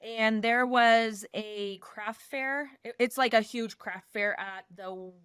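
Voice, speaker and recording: A woman in her thirties co-hosting a podcast, telling a story in a gushing, animated way. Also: on the high side, slow, clean tone, no echo, clean studio sound. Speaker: podcast co-host. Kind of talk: casual podcast chat.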